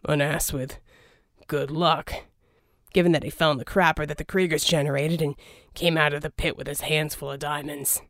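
A woman voicing a crude, blunt male mercenary in a lowered voice for an audiobook. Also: fairly even intonation, normal speed, fairly bright tone, no room sound, studio quality. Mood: scornful.

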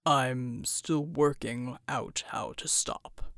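A big, protective superhero man with a rumbling voice, pushed well down from her own as a woman narrator puts him on. He talks in short, clipped, deadpan lines. The recording is close and dry. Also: drawn-out words, no echo, heavily acted.

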